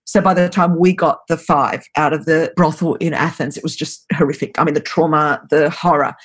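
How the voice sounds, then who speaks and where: A woman in her fifties, a guest on an interview podcast, telling her story in an earnest, urgent, fast-flowing way. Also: low-pitched, fairly even intonation, husky. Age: 50s. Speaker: guest, anti-trafficking founder.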